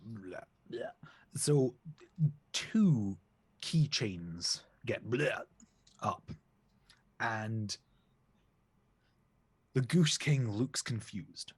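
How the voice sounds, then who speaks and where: A man narrating a tabletop game as game master in a playful, animated way. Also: fairly low pitch, drawn-out words, long pauses, slightly rough.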